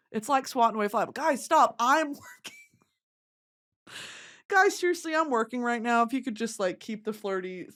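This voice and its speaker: A young woman podcast host telling comic stories casually, swearing, laughing often and jumping into voices. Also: medium pitch. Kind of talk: casual comedic storytelling.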